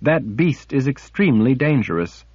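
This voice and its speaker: A man's voice: mid-range voice, sing-song, normal speed, darkish tone, slightly rough, no echo, voice pushed up. A man voicing a determined female sorceress who pleads urgently while trying to sound reasonable, in a storybook reading. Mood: pleading. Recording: dull lo-fi audiobook recording.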